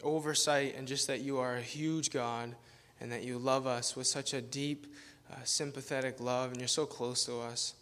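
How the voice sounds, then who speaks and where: A guest pastor preaches an informal sermon, spinning a rambling, self-deprecating story in a casual way and laughing often. His voice is medium-pitched and a bit bright, with a level tone, normal speed, and few pauses.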